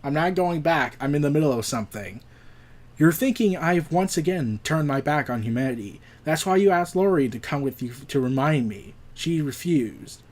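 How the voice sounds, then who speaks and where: A man voicing a calm, detached godlike male superbeing from a comic, speaking low, quiet and measured.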